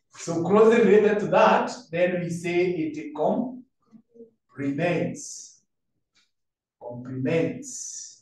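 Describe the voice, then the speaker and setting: A man's voice: on the high side, darkish tone. A man with a Kenyan accent teaching a revision lesson to a class, asking students questions and mixing in Swahili phrases. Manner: conversational, quizzes students, mixes in Swahili phrases. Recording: echoey room, far from mic, faint noise.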